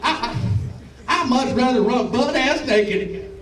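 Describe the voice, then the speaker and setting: A man's voice: extremely high pitch, expressive, slow, a bit bright. A man with a Southern Alabama accent doing a stand-up set, telling rambling, profane stories with lots of stammers and restarts. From Alabama and Tennessee. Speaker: stand-up comedian. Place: comedy club stage. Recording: roomy club sound from a distance.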